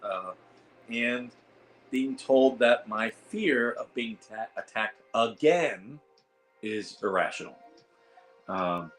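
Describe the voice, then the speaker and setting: A man with a Midwestern accent and a hoarse, worn voice, chatting casually on a home livestream in a rambling way. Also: mid-range voice, slow pace, pauses often, fairly bright tone, faint music behind, rough recording. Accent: Midwestern American. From Ohio. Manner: rambling, chuckling, restarts phrases. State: hoarse, losing voice. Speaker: livestream host.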